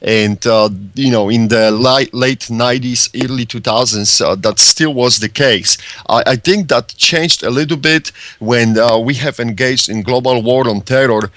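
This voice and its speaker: A man from Poland with a Polish accent, a guest on a radio show, speaking softly and hesitantly with many pauses. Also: mid-range voice, no room sound. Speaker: guest, firearms channel founder. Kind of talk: casual radio interview.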